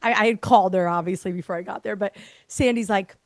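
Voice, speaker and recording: A woman's voice: mid-range voice, fast, dry recording. A woman guest on a podcast, an airway therapist, telling a story casually, laughing often and acting out other people's lines. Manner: lively, acts out quoted dialogue.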